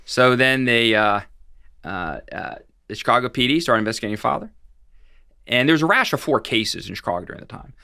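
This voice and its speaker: A middle-aged man talks through cases as a guest on an interview show, circling back and restarting his sentences as he goes. His voice is gravelly and bright. It is recorded close and dry, with no room around it. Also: medium pitch, sing-song, fairly quick, dry recording. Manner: rambling, with frequent restarts and fillers. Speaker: guest expert on financial fraud. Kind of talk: casual interview storytelling.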